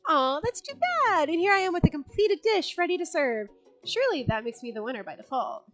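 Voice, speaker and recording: Woman doing a syrupy, boastful rival chef girl, pitched up high, game character. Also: sing-song, fast, soft background music. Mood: smug. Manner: saccharine, boastful. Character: smug sugary young woman rival chef.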